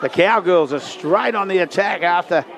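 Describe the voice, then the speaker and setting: A man's voice: expressive, moderate pace. A man commenting live on a rugby league game at an outdoor ground, lifting his voice for big plays. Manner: lifts pitch and volume in big plays. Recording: loud crowd and outdoor noise. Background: crowd and outdoor ambience.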